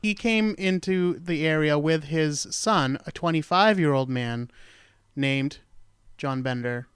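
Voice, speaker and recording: A man's voice: a little high, takes it slowly, fairly bright tone, clear, resonant tone, no echo, studio quality. A man hosting a true-crime talk show, telling the story in a rambling, jokey way and correcting himself as he goes. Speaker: podcast host. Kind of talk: casual true-crime chat.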